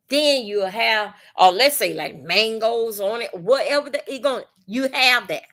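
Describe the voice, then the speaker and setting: A woman hosting a casual livestream, talking bluntly and profanely in an animated, storytelling way. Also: fairly high pitch. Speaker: livestream host. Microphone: phone or webcam on livestream.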